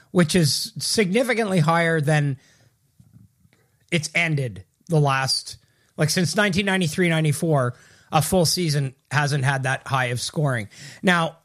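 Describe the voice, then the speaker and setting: A man's voice: on the high side, fairly bright tone. A man co-hosting a hockey podcast, talking in a loose, rambling way with many restarts. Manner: rambling, self-correcting, loose. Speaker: podcast co-host, hockey writer. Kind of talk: casual podcast chat.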